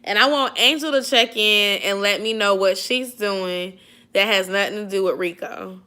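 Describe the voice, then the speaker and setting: Bright-voiced sleepy woman livestreaming. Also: mid-range voice, normal speed, clean tone. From Atlanta area, US. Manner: chatty, sisterly advice, drawling slang. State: sleepy, yawning. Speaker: YouTube livestream host. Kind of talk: casual livestream chat reading viewer comments.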